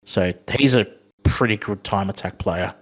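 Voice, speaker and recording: Hesitant Australian man with a low voice. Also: normal speed. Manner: hesitant, many ums and restarts. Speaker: podcast co-host. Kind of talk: casual chat.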